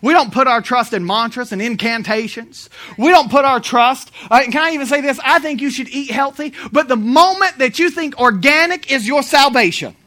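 A man's voice: very high-pitched, normal speed, few pauses, pushed and bright. A male preacher delivering a sermon in an emphatic, storytelling way, hammering repeated phrases.

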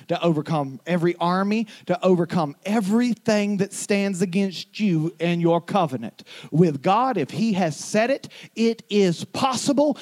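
A young adult male pastor preaching a sermon, telling his story quietly and then rising to shouted declarations. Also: high-pitched.

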